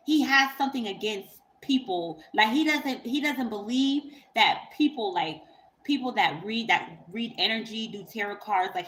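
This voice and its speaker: A woman's voice: medium pitch, fairly bright tone, slight background noise, low-quality recording. A woman tarot reader telling a story in a rambling, profane, casual way on a livestream, often breaking into laughter.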